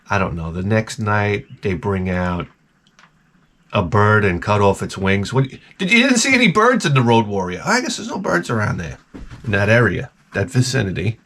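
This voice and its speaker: Animated sarcastic man ranting. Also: on the low side. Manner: sarcastic, animated, mimics people mid-story. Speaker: vlogger. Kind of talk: casual ranting storytelling.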